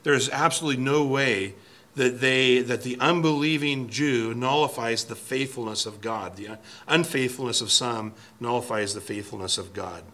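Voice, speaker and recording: A man's voice: mid-range voice, moderate pace, fairly bright tone. A man preaching an expository sermon from a church pulpit, earnest and emphatic, often restarting and repeating words. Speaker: pastor.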